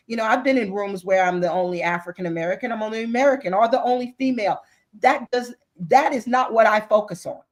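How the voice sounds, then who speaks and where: A woman's voice: a little high, brisk, rough recording. An earnest, faith-driven woman on a video call. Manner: earnest, faith-driven, often restarts and repeats words. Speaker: guest author and business executive. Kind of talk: impassioned interview talk.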